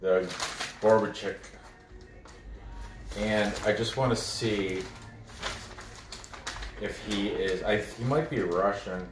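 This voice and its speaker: A man's voice: fairly low pitch, slow, long pauses, noisy background. A man casually breaking down soccer matches for bettors, thinking aloud and stumbling over names. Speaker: sports betting analyst. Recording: roomy, mic at a distance.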